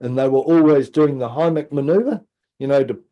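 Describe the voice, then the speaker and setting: A middle-aged man, a podcast guest telling a personal story in a casual, animated way, acting out quotes and dropping into low asides. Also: a little fast, highs cut off.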